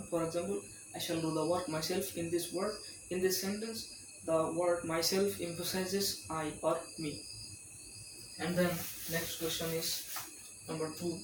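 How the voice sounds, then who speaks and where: A man's voice: on the high side, fairly even intonation, moderate pace. A male tutor giving an exam-prep lecture, reading questions aloud and reassuring students in a repetitive way. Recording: roomy, distant mic with loud insect noise.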